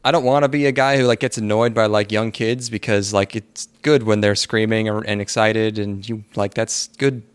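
A young man co-hosting a casual podcast, speaking in halting bursts full of fillers with a wry, deadpan sense of humor. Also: on the low side, clear, resonant tone. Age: young adult. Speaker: podcast co-host. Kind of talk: casual chat.

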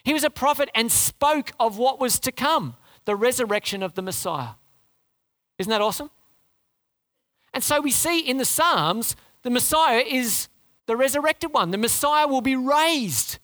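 A woman's voice: high voice, lively intonation, normal speed, fairly bright tone. A woman preaching a sermon in an earnest, conversational way, asking rhetorical questions and repeating phrases for emphasis.

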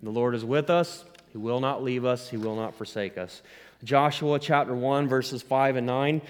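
A man's voice: mid-range voice, fairly even intonation, normal speed, clean tone. Preaching man in a reverberant hall. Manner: preaching with rising emphasis and call-and-response asides. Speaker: pastor. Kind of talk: sermon.

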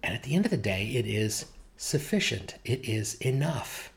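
A man's voice: mid-range voice, big pitch swings, normal speed. A man preaching, earnest and conversational, who mixes scripture with casual stories from home. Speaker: pastor. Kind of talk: sermon.

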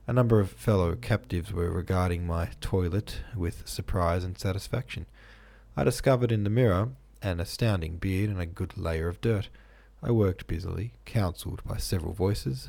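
A man reads a book aloud with deliberate pacing, stopping now and then to laugh at a misread line. His voice is low and gravelly, with a husky edge. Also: darkish tone. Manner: deliberate storytelling, laughing at his own slips. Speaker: reader.

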